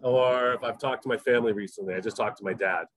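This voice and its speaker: A man's voice: medium pitch, quick pace, dry recording, rough recording. A middle-aged man from Massachusetts with a faint Southern accent, a chef chatting casually in an interview, rambling with lots of fillers and restarts.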